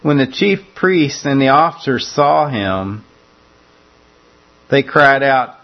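A man's voice: mid-range voice, slow pace, lo-fi sound. A man preaching a conversational sermon that walks through a scripture passage, often repeating words as he restarts his phrases.

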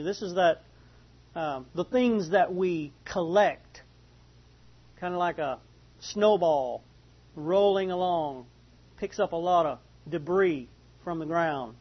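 A man preaching a sermon, reading Bible passages slowly, then repeating and explaining them. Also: fairly high pitch, breathy edge, highs cut off. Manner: reads scripture slowly, then restates and explains it. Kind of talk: slow expository Bible teaching.

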